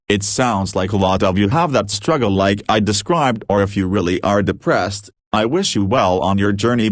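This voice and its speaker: Low-voiced man reading posts aloud. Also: dry recording, studio quality. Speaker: story reader.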